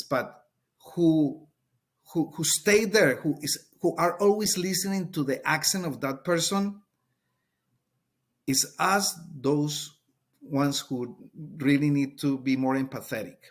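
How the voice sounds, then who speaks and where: A man with a Colombian Spanish accent, a Spanish teacher talking earnestly in a podcast interview and sometimes searching for words. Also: on the high side.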